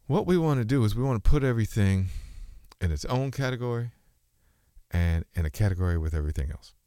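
A man with a very low voice thinks out loud in a loose, meandering monologue. He stops and restarts his sentences and sometimes drifts between registers of speech. The recording is close and dry, with no room sound. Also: expressive, fast talker, clean tone, dry recording. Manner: rambling, musing, self-interrupting. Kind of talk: casual philosophical monologue.

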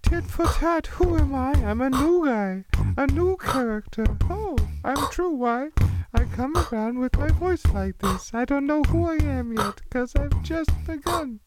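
A man's voice: very high voice, expressive, measured pace, over loud music, pitched above the performer's own voice. A man voicing a goofy, unsure young ghost kid who boasts through a rambling freestyle rap. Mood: boastful, rambling.

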